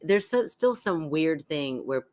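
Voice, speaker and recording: A woman's voice: deep voice, animated, slow, a little mellow, no room sound. A woman co-hosting a podcast, chatting casually and cold-reading a listener's letter aloud, laughing easily and teasing.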